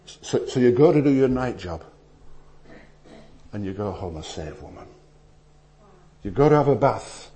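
A man preaching a sermon, telling stories with animated swings between loud emphasis and hushed asides. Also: lowish voice, a little slow, pauses often. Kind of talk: sermon with anecdotes.

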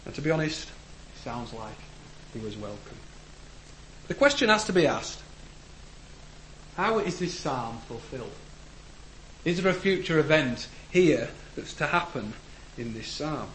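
A man preaching a sermon in a church, earnest, rising to emphatic declarations and letting phrase ends fall low. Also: very animated, unhurried, fairly bright tone. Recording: echoey room with faint background noise.

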